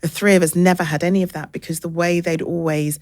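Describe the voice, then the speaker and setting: A woman, a podcast guest, talking candidly and reflectively, sometimes acting out others in a bright high voice. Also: little pitch movement, fast talker, no room sound, clean studio sound. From England. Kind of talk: candid conversational interview.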